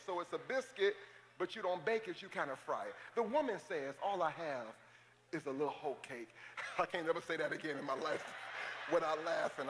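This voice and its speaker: A man preaching a lively sermon and joking with his congregation in a church. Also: high-pitched, a little hiss or hum. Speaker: pastor. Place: church sanctuary. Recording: reverberant church hall, faint ambience.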